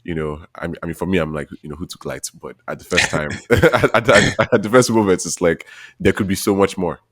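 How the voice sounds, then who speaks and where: Male podcast co-host, low voice, casual and excitable, laughs easily. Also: brisk. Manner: chatty, laughs often, gets excited.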